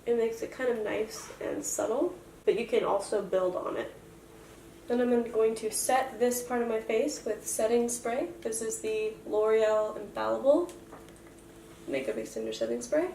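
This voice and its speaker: A woman's voice: on the high side, expressive, unhurried, creaky, warm tone, recorded from a distance, slight background noise. A young woman in a casual makeup tutorial, chatty and self-joking as she explains each step. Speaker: makeup vlogger. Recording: roomy echo, voice from afar.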